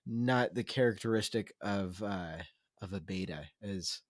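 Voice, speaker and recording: Earnest low-voiced man hosting a podcast. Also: unhurried, no room sound, studio quality. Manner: earnest, affirming. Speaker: podcast host. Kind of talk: casual podcast conversation.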